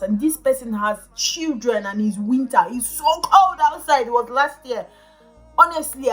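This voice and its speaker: A young woman from Nigeria with a Nigerian accent, ranting emphatically to camera in a casual vlog and slipping into Pidgin. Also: mid-range voice. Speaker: vlogger.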